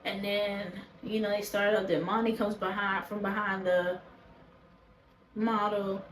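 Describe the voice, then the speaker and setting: A woman's voice: mid-range voice, level tone, measured pace, roomy sound, slight background noise, poor audio. A woman reviewing a reality show in casual chat to camera, blunt, profane and opinionated. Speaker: show reaction vlogger. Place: indoors, talking to a camera.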